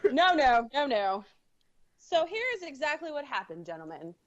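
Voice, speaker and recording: A brash woman co-hosting a podcast, her high voice leaping up and down as she jokes and rants. The audio sounds dull and lo-fi. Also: sing-song, a little slow. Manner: brash, joking, then fired-up ranting. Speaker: podcast co-host. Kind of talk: casual podcast banter and rant.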